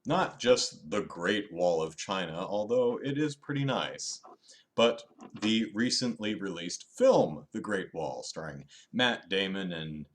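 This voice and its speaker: Male host, low voice, offhand live-stream review, wry, self-deprecating, animated in spurts. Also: slow pace. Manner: frequent restarts and fillers, animated bursts.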